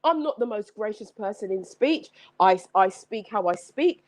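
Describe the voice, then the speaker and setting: A woman hosting a live-streamed motivational talk, energetic and exclamatory, repeating her points like a preacher. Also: medium pitch, moderate pace. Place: home setup with several screens.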